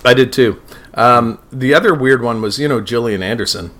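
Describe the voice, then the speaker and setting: A man's voice: mid-range voice, moderate pace, a bit bright. A man co-hosting a podcast in casual chat, rambling, swearing and laughing often. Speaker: podcast co-host.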